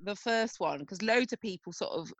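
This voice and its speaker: A woman's voice: mid-range voice, expressive, normal speed, no room sound, lo-fi sound. A woman in her thirties from England, co-hosting a podcast in casual chat, blunt and down-to-earth, swearing freely. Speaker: podcast co-host.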